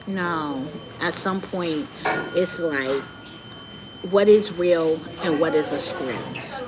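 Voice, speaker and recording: A middle-aged woman hosting a live stream, giving candid, animated commentary straight to her viewers. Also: lowish voice, takes it slowly. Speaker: livestream host. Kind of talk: casual commentary monologue. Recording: noticeable background noise.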